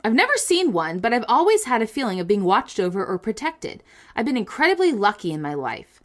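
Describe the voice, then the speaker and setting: A woman co-hosting a chatty podcast, reading listener stories aloud. Her voice sits fairly high and swoops all over as she giggles and cracks jokes between the lines. She keeps the delivery loose and conversational. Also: very animated, brisk. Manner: giggly, reads with playful comic asides. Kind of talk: casual chat and reading aloud.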